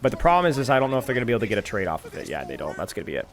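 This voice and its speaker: Man casually breaking down match plays. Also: lowish voice. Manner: quick analytical commentary, relaxed chat with viewers. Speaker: streamer and coach. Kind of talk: casual match analysis and chat. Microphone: desk microphone.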